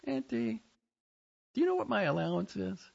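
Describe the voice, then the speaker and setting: A man voicing a shy, timid young girl who whispers in a small, high, hesitant voice, from a dull lo-fi audiobook recording. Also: sing-song, normal speed, vocal fry, a little mellow, heavily acted. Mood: curious.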